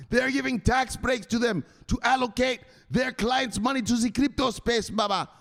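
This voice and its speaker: A man voicing a boastful male crypto investor who loudly and dismissively lectures his mother. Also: extremely high pitch, animated, a little slow, vocal fry, pitched above the performer's own voice, full character voice. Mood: boastful, insistent. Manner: loud, insistent, dismissive.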